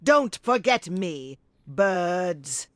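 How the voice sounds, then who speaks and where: Very slow, smooth text-to-speech voice. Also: medium pitch, no echo, studio quality. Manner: flat synthetic reading of messages. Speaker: text-to-speech donation reader.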